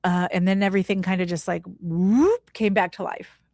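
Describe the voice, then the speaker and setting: Earnest woman with a lowish voice. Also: steady tone, normal speed, darkish tone, dry recording, clean studio sound. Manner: casual, earnest, leans on "like" while recounting; spiritual, reflective tone. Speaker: podcast guest. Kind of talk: heartfelt personal storytelling.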